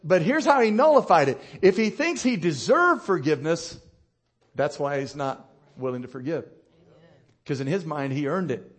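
Pastor, male, middle-aged, high voice, lively preaching with questions to the room. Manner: animated preaching with rhetorical questions to the congregation. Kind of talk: sermon.

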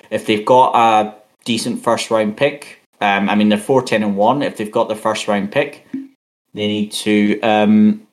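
A man co-hosting a podcast in casual sports chat, hesitant with fillers while reading out stats, and he has the hiccups. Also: on the low side. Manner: hesitant, many fillers and restarts, reads out stats. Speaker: podcast co-host.

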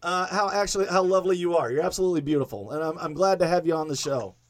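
A man's voice: high-pitched, very fast. A man hosting a podcast, joking crudely, swearing often and laughing. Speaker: podcast host. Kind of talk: casual podcast chat.

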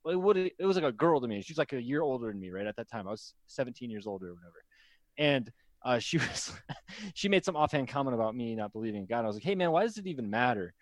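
A man's voice: medium pitch, lively intonation, fast, no echo. A young man from Iowa co-hosting a comedy podcast in casual banter, laughing often. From Iowa, USA. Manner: laughs often, acts out quoted people.

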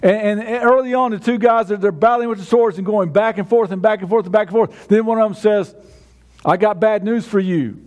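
A man's voice: high-pitched, fairly quick, a little mellow. A man preaching a sermon in a conversational way, often restarting his words. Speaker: pastor.

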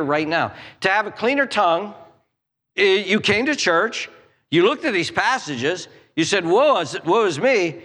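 Lively preacher in a reverberant hall. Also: male voice, high-pitched. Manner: animated, acts out prayers and inner voices. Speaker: pastor. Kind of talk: sermon. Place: church.

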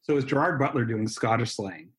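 A man's voice: mid-range voice, quick pace, a bit bright. An American man co-hosting a podcast, talking in a rambling, joking way with many restarts. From United States. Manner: rambling, self-interrupting, joking. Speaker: podcast co-host. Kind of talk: casual chat.

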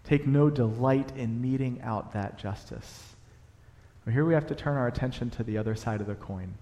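A young adult man preaching a sermon in a church, animated, building to emphatic peaks as he explains a passage. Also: medium pitch, moderate pace, muffled recording. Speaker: pastor. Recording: long hall reverb.

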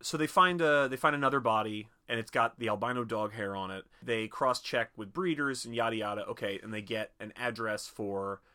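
Male podcast co-host, bright and lively, loose and profane. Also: lowish voice, brisk, hardly any pauses. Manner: animated, swears freely, acts out quotes. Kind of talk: casual movie podcast chat.

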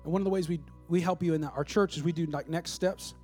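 A man's voice: a little high, steady tone, fast talker, dark tone, soft background music. A male pastor preaching a live sermon in a church, speaking emphatically and repeating his points to the congregation. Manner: emphatic and repetitive, exhorting the congregation.

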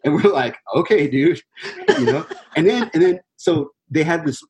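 A man's voice: a little high, lively intonation, moderate pace, darkish tone, rough recording. A young man telling a rambling story about his band in a casual, laid-back chat. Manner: laid-back, rambling, heavy fillers, swears freely. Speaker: touring band musician.

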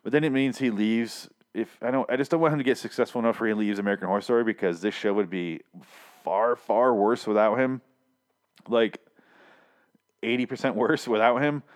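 A man's voice: mid-range voice, a little fast. A young man casually recapping a TV episode, swearing freely and acting out the characters' lines. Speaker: TV recap vlogger.

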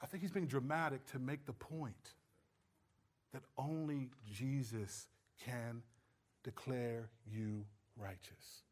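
A man preaching a sermon, stressing points loudly and then dropping to low, quiet asides. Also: steady tone, takes it slowly. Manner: emphatic, swings between loud stresses and low quiet asides. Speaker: pastor.

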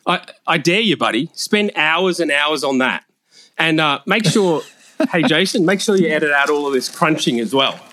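A man's voice: a little high, lively intonation, normal speed, pushed and bright. A man roasting the hosts in a comedy roast, with a brash, crude, mocking delivery.

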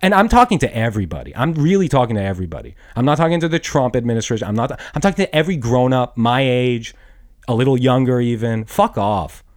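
A man's voice: medium pitch, animated, quick pace. A young man ranting bluntly and profanely in a rambling monologue, restarting his sentences as he goes. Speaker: podcast host. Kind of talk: angry rant monologue.

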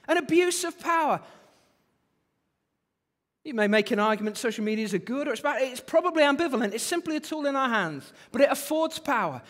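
A man preaching a sermon, animated, with phrases repeated for emphasis. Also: very high voice. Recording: long hall reverb.

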